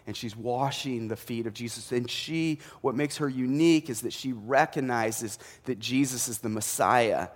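A man's voice: medium pitch, in a large hall. A man preaching a sermon as a pastor, in a conversational way with asides and self-corrections.

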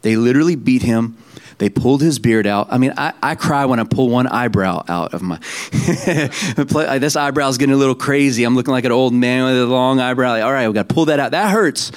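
Middle-aged male pastor, casual preaching voice, mid pitch, loose and talky with restarts. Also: brisk. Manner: conversational preaching with frequent restarts and asides. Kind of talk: sermon.

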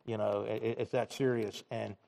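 A man's voice: on the low side, flat delivery, normal speed, gravelly, mellow. A man preaching a conversational sermon in a church, with many restarts and fillers. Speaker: pastor. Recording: reverberant church hall.

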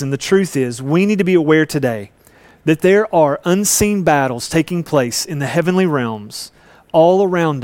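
A man's voice: high-pitched, no echo. A man preaching a sermon, earnest and storytelling, acting out voices in a Bible story. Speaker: pastor.

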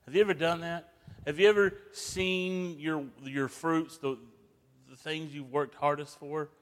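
A man preaching a sermon, swinging from hushed, slow passages to loud, emphatic bursts. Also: on the high side, fairly even intonation. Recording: long reverb of a large hall.

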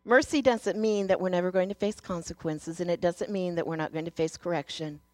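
A woman giving a sermon in an earnest, storytelling way, moving between hushed passages and emphatic ones. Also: fairly low pitch, no echo. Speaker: speaker sharing a devotional message.

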